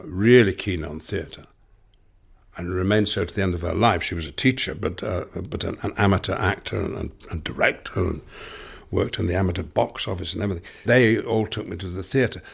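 An older man from Lancashire with a Lancashire accent, a guest giving reflective interview answers, musing and halting with many restarts. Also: low voice, creaky, husky. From Lancashire, England.

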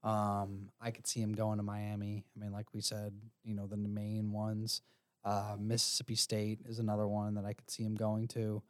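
A man co-hosting a casual sports podcast, relaxed and opinionated. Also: on the low side, moderate pace. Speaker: podcast co-host.

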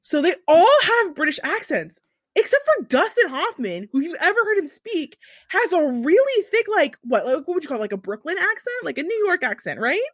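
Animated young woman telling a story. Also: extremely high pitch, brisk, no room sound, clean studio sound. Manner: animated, profane storytelling with asides. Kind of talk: casual chat.

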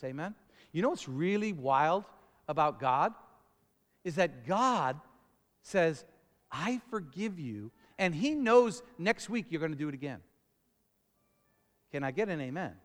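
A man preaching with lively, call-and-response energy, his voice sitting high for a man. His words ring out into a big hall with a long reverb tail. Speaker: pastor. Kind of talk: sermon.

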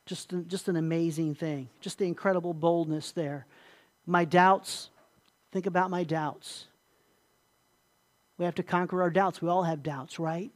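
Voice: mid-range voice, steady tone, unhurried, long pauses. Pastor, sermon delivery; emphatic, repetitive, asks the listeners questions.

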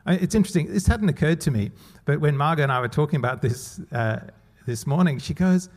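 A pastor preaching a conversational sermon with rhetorical questions and laughter, at times. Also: male voice, on the high side, animated, brisk, few pauses, a little mellow.

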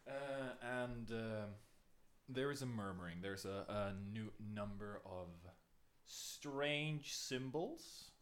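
A man with a low voice narrates an improvised scene at a tabletop game. He halts and restarts often, searching for words. His pace is unhurried. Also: a bit bright.

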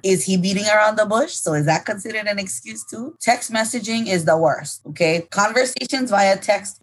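Husky older woman telling stories. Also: lowish voice. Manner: amused, storytelling with lively quoted voices. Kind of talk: casual storytelling chat.

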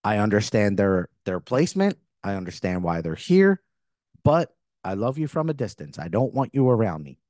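A man's voice: on the low side, big pitch swings, moderate pace, darkish tone, dry recording, clean studio sound. A middle-aged man hosting a spiritual podcast, talking earnestly in a rambling way full of restarts and self-corrections. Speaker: podcast host.

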